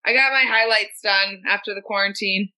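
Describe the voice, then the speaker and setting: A woman's voice: medium pitch, steady tone, moderate pace, pushed and bright, no room sound, low-quality recording. A woman guest on a laptop video call, blunt and teasing in casual chat.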